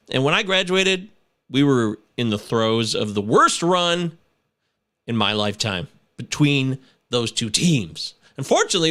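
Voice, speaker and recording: Bright, animated man hosting a sports podcast. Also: a little high. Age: 30s. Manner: animated, swearing, breaks into shouts and chants. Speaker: podcast host. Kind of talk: casual sports podcast rant.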